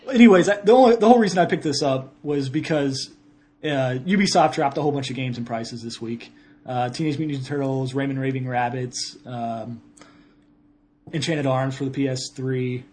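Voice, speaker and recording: A man's voice: medium pitch, normal speed, darkish tone. A man co-hosting a casual podcast, rambling through game reviews and correcting himself as he goes. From Ohio. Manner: rambling, self-correcting, laughs often. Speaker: podcast co-host.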